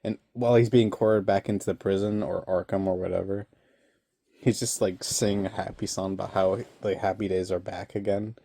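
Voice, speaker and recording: Young man, low mellow voice, rambling casual recap, chuckles a lot between thoughts. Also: level tone, a little fast, vocal fry, no room sound. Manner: rambling, laughs often, many fillers. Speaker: online reviewer.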